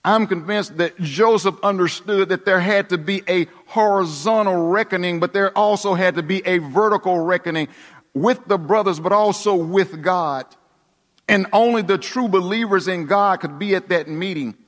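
A high-pitched male preacher delivers a dramatic sermon, sinking to near-whispers and climbing back to emphatic declarations. His voice rings out with a long reverb, as in a large hall. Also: normal speed.

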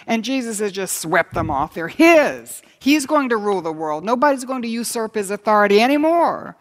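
A woman preaching a sermon in an emphatic way. She slows down for stress and lifts her voice when she reads scripture aloud. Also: on the high side. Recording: long hall reverb.

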